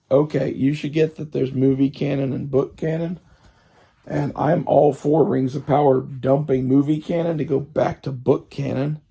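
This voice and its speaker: A man with a gravelly, husky, strained voice rambles in a loose casual monologue. His tone is dark and mellow. He swears freely and fills his talk with fillers as he wanders from point to point. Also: medium pitch. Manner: profane, meandering, full of fillers.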